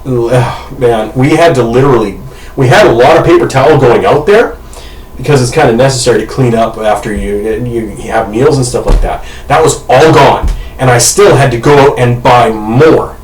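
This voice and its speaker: A man co-hosting a podcast, telling a comic story casually with loud shouted impressions, swearing and laughter. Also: medium pitch, moderate pace, soft background music. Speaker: podcast co-host. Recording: roomy, distant, noisy home mic.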